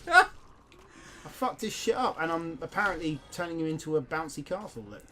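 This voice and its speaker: A young British man with a fairly high voice plays a game and chats. He is easygoing and sweary and quick to agree. A faint hiss sits under the recording. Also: big pitch swings. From United Kingdom. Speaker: let's play co-host. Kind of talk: casual gaming banter. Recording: faint background noise.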